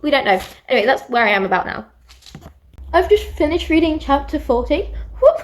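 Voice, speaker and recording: A British woman with a bright, high voice recapping a book she is reading. She chats casually and tells the story in an animated, fast-moving way, breaking in with quick asides. Her tone stays lively and conversational throughout. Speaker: book vlogger.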